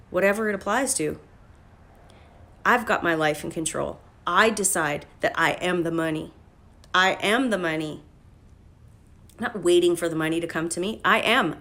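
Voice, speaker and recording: A woman life coach talking casually on a phone livestream. She is blunt and profane and breaks into loud, emphatic bursts. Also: lowish voice, normal speed. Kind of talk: casual motivational livestream talk.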